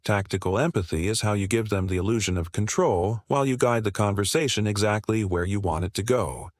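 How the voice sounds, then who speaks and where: Low-voiced man, confident measured narration. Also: no room sound, clean studio sound. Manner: measured, confident storytelling with rhetorical questions. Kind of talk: scripted narration.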